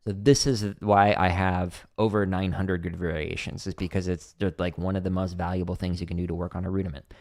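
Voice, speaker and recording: A man's voice: low-pitched, little pitch movement, a little fast, a little mellow. A middle-aged man hosting a drum practice livestream, chatty and explaining exercises step by step with casual fillers.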